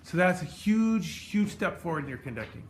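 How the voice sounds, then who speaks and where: A man's voice: fairly high pitch, big pitch swings, moderate pace, noisy background. A man teaching a conducting class, coaching a student with instructive, encouraging remarks and sung beats. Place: rehearsal room with a choir. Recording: roomy echo, music behind.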